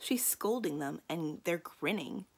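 A woman's voice: fairly low pitch, expressive, a little slow, gravelly, breathy edge, heavily acted. Sally, a bold young girl detective, read by a woman. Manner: confident, challenging.

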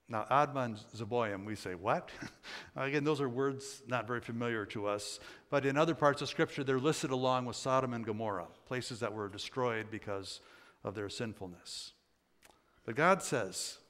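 A man's voice: medium pitch, moderate pace, fairly bright tone. Older male pastor in a reverberant church. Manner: conversational, folksy storytelling with frequent fillers and laughs. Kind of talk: sermon. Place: church sanctuary. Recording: church sanctuary with long reverb.

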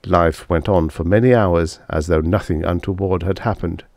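A man reading a science fiction short story aloud in measured scripted narration. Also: sits low, a little mellow, dry recording, clean studio sound. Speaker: audiobook narrator.

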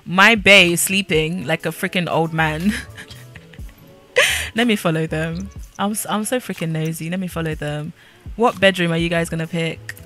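A woman's voice: lowish voice, moderate pace, bright, forceful tone, faint music behind. A woman giving casual, sassy commentary while playing a life-sim game, chatty and nosy. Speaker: gaming creator.

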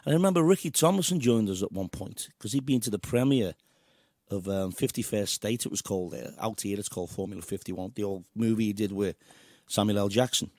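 A man's voice: on the low side, fairly quick, a little mellow, no room sound, studio quality. A man hosting an interview, chatting and reminiscing with his guest. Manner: reminiscing, friendly banter. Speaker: interviewer, host. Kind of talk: casual interview chat.

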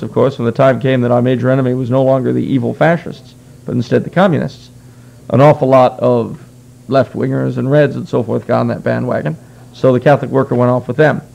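A man with a heavily gravelly, creaky voice talks through history like a lecture in conversation. He explains at length in an earnest tone and drops dry, wry asides along the way. His pitch sits in an ordinary middle range for a man. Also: a little mellow, dull audio. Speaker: guest speaker.

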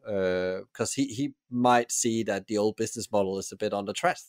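A man hosts a podcast interview in a lowish voice. He speaks haltingly, restarting phrases and filling gaps with uh. The sound is dry and close. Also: no room sound. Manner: halting, with many restarts and fillers. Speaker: podcast host.

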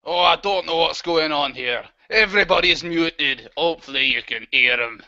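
A man hosting a live web show in an excitable, flustered, joking way, talking over a webcam on a video call. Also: a little high, normal speed, no echo, muffled recording.

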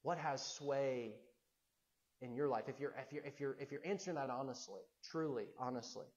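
A man's voice: medium pitch, normal speed, darkish tone, lo-fi sound. A man preaching a sermon as pastor, earnest, asking rhetorical questions and repeating himself as he builds a point.

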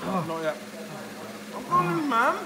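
A man's voice: very high voice, very animated, slow pace, a loud crowd. A man joking around in casual banter with his mates. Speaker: builder doing a dare.

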